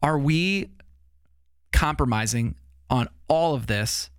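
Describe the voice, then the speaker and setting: A man with a mid-range voice talks through ideas out loud on a church podcast. He affirms the others as he goes. The recording is close and dry. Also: mid-range voice, expressive, takes it slowly, smooth, no room sound. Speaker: pastor and podcast co-host. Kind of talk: casual church podcast discussion.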